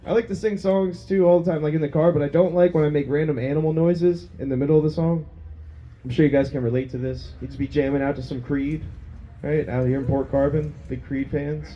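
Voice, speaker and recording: A man's voice: fairly high pitch, steady tone, brisk, dull audio, a little hiss or hum. A man doing a crude, self-mocking stand-up set on a small pub stage, laughing at his own jokes. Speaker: stand-up comedian.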